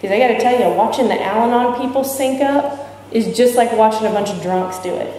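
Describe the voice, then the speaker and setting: A woman with a high, fairly quick, warm voice speaks candidly at a recovery convention, sharing her recovery experience, joking and asking the audience questions. The recording comes from far off in a large, echoey hall, with a little hiss or hum.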